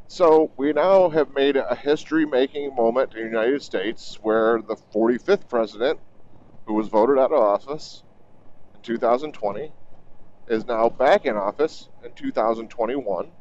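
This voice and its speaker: A man's voice: medium pitch, darkish tone, highs cut off, slight background noise. Man rambling casually from a motorcycle. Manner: loose, swears casually, chuckling asides. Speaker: motovlogger. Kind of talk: casual rambling commentary while riding. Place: on a motorcycle on the road.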